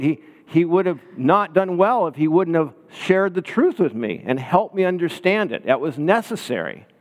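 A man delivers a sermon in a relaxed, conversational manner. He tells stories and keeps checking in with his listeners. His voice carries a long reverb from a large hall. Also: mid-range voice. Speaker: pastor.

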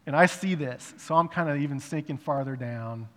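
A man giving a personal testimony in a conversational way, rising to emphatic bursts and dropping to hushed reflection. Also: on the high side, normal speed. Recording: long reverb of a large hall.

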